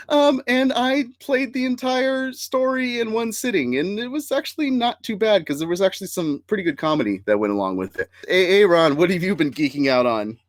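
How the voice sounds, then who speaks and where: A man's voice: high-pitched, lively intonation, moderate pace, no room sound. A man hosting a casual live-streamed nerd podcast, upbeat and chatty, laughing often and using fillers. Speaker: podcast host.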